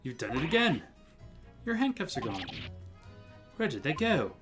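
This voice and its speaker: A man's voice: on the high side, wildly swooping pitch, moderate pace, a bit bright, voice pushed up. A man reading the lines of an earnest, flustered young male lawyer in a polite way, over game music.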